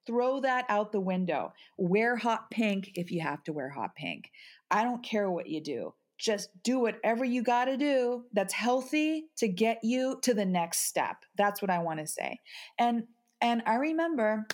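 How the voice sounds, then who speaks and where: Halting, emotional woman guest. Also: mid-range voice. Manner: halting, repeats words, restarts often. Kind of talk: emotional podcast conversation.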